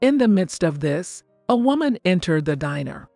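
An older woman narrating a first-person family story in a calm, even, scripted storytelling delivery. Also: lowish voice, moderate pace, creaky, no echo. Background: faint background music.

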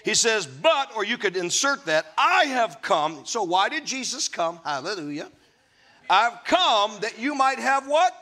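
A bright, high-pitched male preacher whose voice swoops up and down as he tells stories and calls out to his congregation. His sermon delivery is lively and full of laughter, with bright, forceful energy. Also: unhurried. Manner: animated storytelling preacher, laughs and calls to the crowd. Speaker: pastor.

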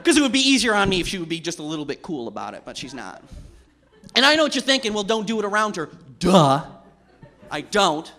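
A young man doing a stand-up comedy routine on a theater stage, loose and conversational, building to shouts. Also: sits high, huge pitch swings, brisk. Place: theater stage before a live audience.

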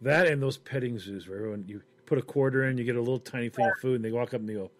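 A man's voice: medium pitch, rapid-fire, few pauses. A man in casual chat, joking and acting out silly voices in his banter. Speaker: podcast co-host.

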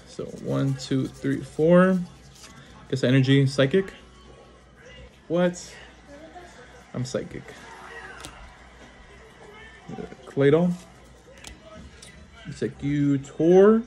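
Guy opening card packs on camera, slow easygoing talk, reads each card out, gets hyped at a good pull, says sorry a lot. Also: mid-range voice. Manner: names cards one after another, bursts into excited exclamations, apologizes often. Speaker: trading card pack opener. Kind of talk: casual unboxing commentary.

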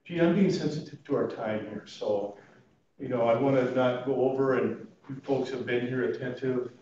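A man who is a chaplain and funeral planning consultant, telling stories to a class in an animated, informal way and laughing at his own stories. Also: medium pitch, moderate pace. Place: church meeting room. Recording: echoey room, mic at a distance, dull sound.

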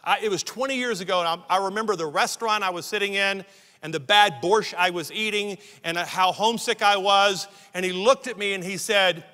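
A man with a high, ringing voice preaches emphatically, restarting phrases as he builds his point. His sermon carries the long reverb of a large church hall. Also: fairly quick, sharp tone. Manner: emphatic preaching, repeats words when starting sentences. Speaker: pastor.

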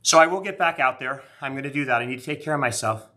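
Bright-voiced man chatting on a live stream. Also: medium pitch, fast. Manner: rambling, self-mocking, chatty with viewers. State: out of breath. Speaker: card collector streaming live. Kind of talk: casual live-stream chat.

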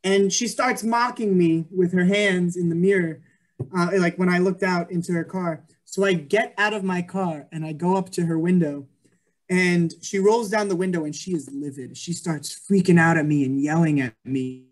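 A man's voice: sits high, steady tone, moderate pace. Earnest young man giving a testimony. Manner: earnest, many ums and likes. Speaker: guest speaker. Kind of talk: Christian testimony over a video call. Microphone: video call.

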